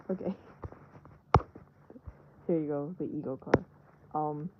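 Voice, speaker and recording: A young adult voice chatting while drawing, rambling from one tangent to the next with self-mocking jokes and quick hushed asides. The pitch sits in an ordinary middle range. A loud hiss runs under everything, with clicks now and then. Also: muffled recording. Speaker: vlogger doodling on stream. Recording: loud background noise with clicks.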